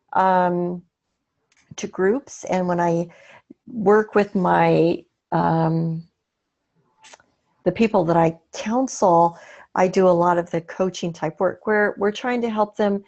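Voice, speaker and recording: A woman from Portland, Oregon, asking a thoughtful, hesitant question during a webinar, with many pauses and fillers. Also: lowish voice, darkish tone. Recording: lo-fi webinar audio.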